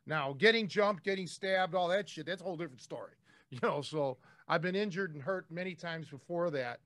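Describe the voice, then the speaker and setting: A man's voice: on the high side, fairly quick, fairly bright tone, no echo, clean studio sound. A man hosting a podcast, telling stories casually in a blunt way and swearing freely. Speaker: podcast host.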